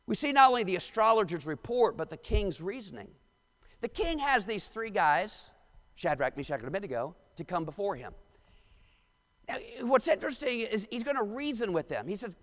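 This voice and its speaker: A man's voice: high-pitched, sing-song, normal speed, fairly bright tone. A man preaching a sermon as pastor, reading scripture with dramatic emphasis, in a church sanctuary. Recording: long church reverb.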